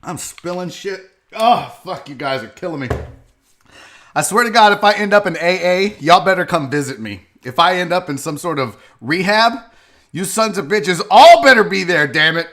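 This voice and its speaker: A man's voice: sits high, expressive, moderate pace, sharp tone. A man hosting a live sports show, rambling and swearing loosely as he drinks on air. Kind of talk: loose live-stream talk.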